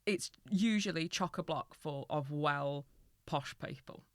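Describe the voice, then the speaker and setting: A woman co-hosting a comedy podcast, telling stories in a lively way and laughing often. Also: deep voice, unhurried, no echo. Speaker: podcast co-host. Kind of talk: casual comedy chat.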